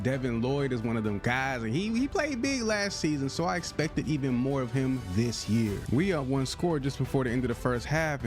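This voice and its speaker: A man giving casual, slangy gameplay commentary, reacting loudly to plays, his voice going in and out. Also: medium pitch. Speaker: gaming YouTuber.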